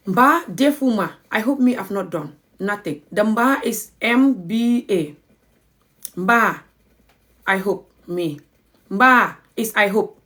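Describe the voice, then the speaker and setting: A woman with a Gambian accent teaching a language lesson on a live stream, acting out little dialogues and spelling words slowly. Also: on the high side, a bit bright.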